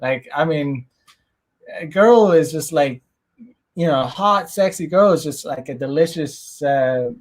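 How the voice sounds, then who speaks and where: A man's voice: on the high side, animated, unhurried. A man appearing as a guest on a podcast, talking loosely in a rambling way and laughing often. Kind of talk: casual podcast chat.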